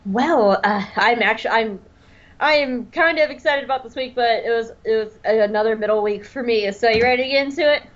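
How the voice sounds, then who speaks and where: A woman's voice: fairly high pitch, a little fast, highs cut off. A woman co-hosting a podcast from her bedroom, chatting casually with lots of fillers and laughs. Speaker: podcast co-host.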